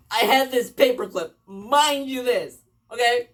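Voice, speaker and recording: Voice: medium pitch, lively intonation, normal speed. A speaker telling rambling stories in a casual, profane way, repeating phrases and calling the listener "bro.". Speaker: storyteller. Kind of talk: casual storytelling. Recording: voice a bit distant from mic.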